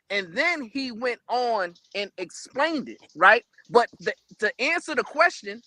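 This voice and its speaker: Preachy high-voiced man in a debate. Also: sharp tone, no echo, low-quality recording. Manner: preachy, quotes scripture, repeats "hold on". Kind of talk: heated call-in debate.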